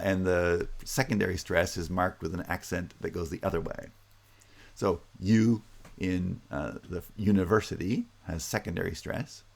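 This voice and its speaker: Deep gravelly-voiced male linguistics lecturer. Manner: explanatory, repeats example words slowly, frequent "right?" checks. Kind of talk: recorded university lecture.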